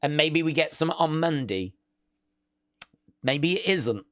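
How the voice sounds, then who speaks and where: A man's voice: a little high, animated, slow, no echo, clean studio sound. Guy rambling about clips, lots of ums, laughs a bit. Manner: chatty, laughs often, lots of fillers. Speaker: wrestling news host. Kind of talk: casual chat reacting to clips.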